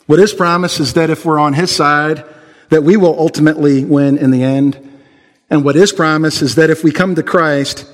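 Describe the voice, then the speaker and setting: A man preaching a sermon and leading prayer in an earnest way, often restarting his words and using fillers. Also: medium pitch. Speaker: pastor. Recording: long hall reverb.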